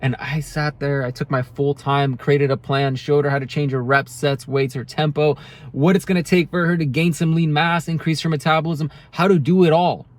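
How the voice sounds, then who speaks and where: A man's voice: a little high, fairly even intonation, normal speed. Earnest man giving a motivational talk. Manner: earnest, heartfelt, with frequent restarts. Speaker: self-help video creator. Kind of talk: motivational monologue to camera.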